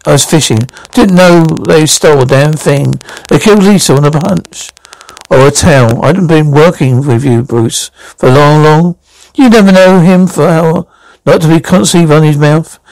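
A man with a gravelly voice pitched a little high performs an amateur radio-drama reading, taking on all the parts himself. His delivery is halting, and he often stumbles and starts lines over. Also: a little mellow, low-quality recording. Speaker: fan audio drama reader voicing all roles.

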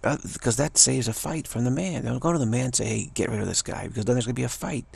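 A man with a gravelly, husky voice giving a rambling spiritual monologue, often restarting phrases and mocking the voices of others. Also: medium pitch, fast talker, a little mellow, dry recording.

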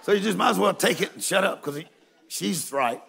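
Gravelly high-voiced preacher, slow and folksy. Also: male voice, a faint crowd. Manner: folksy, emphatic, bursts into shouts. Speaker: guest preacher. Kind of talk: humorous storytelling sermon. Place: large church auditorium with a live congregation.

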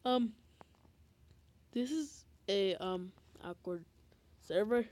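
A woman's voice: mid-range voice, lively intonation, slow, a little mellow. A woman giving gameplay commentary, giggly and flustered, with many fillers. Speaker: gamer.

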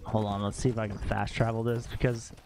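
A young man chatting casually while live-streaming a game at home, excitable and quick to exclaim and laugh. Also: on the low side, noisy background.

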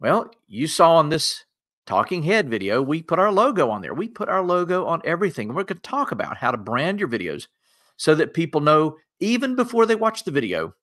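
A man with a lower Appalachian accent giving an upbeat webinar presentation in a folksy, self-deprecating way. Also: sing-song, a little fast, fairly bright tone. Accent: Southern US, lower Appalachian. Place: converted home bedroom studio.

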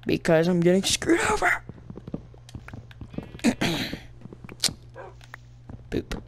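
A man's voice: a little high, measured pace, a little hiss or hum. A man giving casual let's-play commentary as a gaming channel host, rambling playfully, mocking himself and adding silly sound effects.

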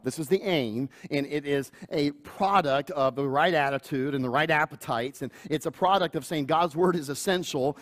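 A middle-aged man, the pastor, preaching a sermon earnestly, with playful asides and chuckles and acting out family members in a higher voice. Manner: acts out quoted family voices in higher pitch.

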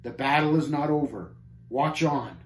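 A man voicing a calm, gently amused wise guide, reading a storybook aloud. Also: sits high, moderate pace, echoey room.

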